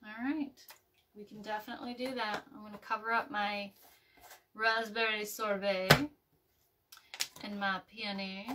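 A woman's voice: medium pitch, far from the mic, background noise. A woman hosting a casual craft video, rambling and chatty with many ums and restarts as she works. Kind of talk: casual live craft chat. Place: home craft table, indoors.

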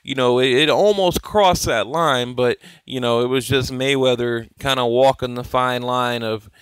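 Unhurried and laid-back, this boxing YouTube host rambles through casual fight commentary, full of fillers and chuckles. His mid-range voice is smooth with no echo, but the recording is rough.

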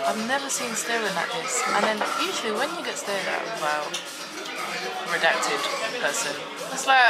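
A young woman talks casually into her phone for a travel vlog, chatty and quick to laugh. Loud music and a noisy crowd fill the space behind her voice. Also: fairly high pitch, lively intonation. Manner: chatty, joking, laughs often. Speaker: vlogger. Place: car, then busy restaurant. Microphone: handheld phone camera.

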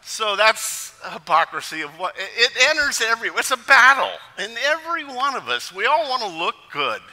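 Bright-voiced pastor preaching in a hall. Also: male voice, extremely high pitch, moderate pace. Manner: lively storytelling with jokes. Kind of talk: sermon.

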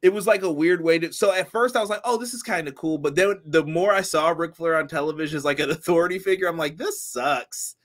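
A man's voice: on the high side, fast talker, few pauses, fairly bright tone. A man co-hosting a casual wrestling review chat, laughing often and reading out viewer comments. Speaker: podcast co-host.

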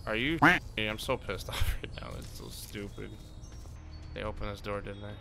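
A man's voice: fairly low pitch, normal speed, creaky, music in the background. A man giving casual, jokey commentary on a game he is playing, talking to his viewers and now and then putting on silly voices. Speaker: gaming YouTuber.

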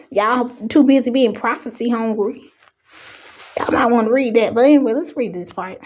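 A woman's voice: sits high, darkish tone, muffled recording. A young adult woman, preaching with rising fervor and fighting back tears. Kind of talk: impassioned preaching.

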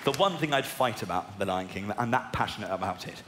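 A man in his twenties with a posh southern English accent, doing a self-mocking stand-up routine with sudden high squeaky outbursts. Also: animated, a little fast. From England. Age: 20s. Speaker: stand-up comedian. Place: large arena on stage. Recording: live arena recording with long reverb and crowd noise.

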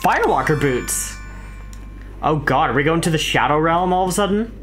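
A young woman, a gaming YouTuber, plays a co-op game with a friend, chatting casually and exclaiming at the on-screen action. Her deep voice has lively intonation and moves at normal speed, with music in the background.

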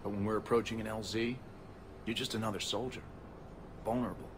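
An actor as a calm, earnest shuttle pilot. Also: male voice, lowish voice, brisk, background noise, natural voice. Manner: steady, earnest, affectionate. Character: calm male shuttle pilot, flirtatious soldier.

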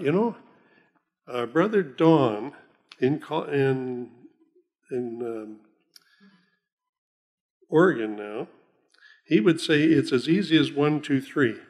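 An older man gives a sermon in a folksy, rambling way. He chuckles often and slows down when he reads scripture aloud. His voice sits at an ordinary middle pitch. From Oklahoma. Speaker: pastor.

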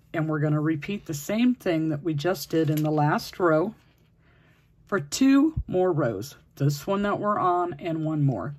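A crochet instructor with a mid-range, slightly mellow voice walks through a project step by step, patiently counting stitches aloud while working on this crafting tutorial.

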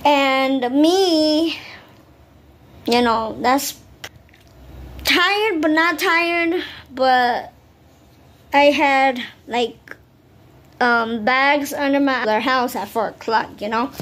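A woman's voice: high voice, takes it slowly, long pauses. A woman vlogger chatting casually to camera, rambling with many fillers and asides about her weekend.

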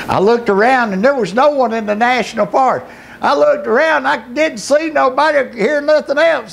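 A middle-aged man preaching his testimony as a pastor, telling his story with emotion that climbs into shouting. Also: high-pitched, animated, brisk, gravelly. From Georgia, US. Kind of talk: testimony sermon.

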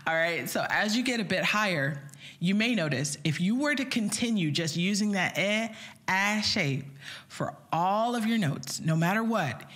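Woman, vocal coach, slightly low voice, upbeat, online singing lesson, talks to viewers. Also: a bit bright. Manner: upbeat, addresses viewers directly, sings vowel demos.

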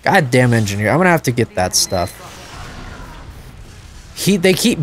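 A man giving live gameplay commentary as a channel host, excitable and prone to loud frustrated outbursts and swearing. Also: mid-range voice, moderate pace, pauses often, slight background noise.

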